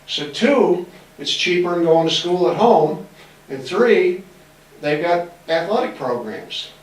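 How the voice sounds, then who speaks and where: Older male speaker, folksy raconteur who plays his quoted voices, slightly high voice, picked up from a distance in a roomy hall. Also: expressive, unhurried. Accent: faint Massachusetts. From Massachusetts. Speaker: speaker giving a talk. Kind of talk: storytelling lecture. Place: library auditorium.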